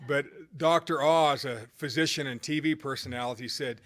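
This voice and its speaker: A middle-aged man speaks at normal speed in a mid-range, slightly bright voice, telling a motivational personal story. He rambles casually, with fillers and restarts, like an uplifting anecdote shared in conversation.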